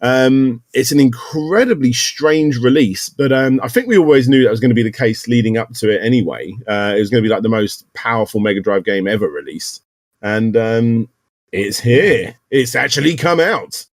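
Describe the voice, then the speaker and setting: A man's voice: mid-range voice, moderate pace, no echo, studio quality. A British man hosting a casual gaming news podcast, rambling and correcting himself as he goes. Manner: rambling, self-correcting, upbeat. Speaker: podcast host.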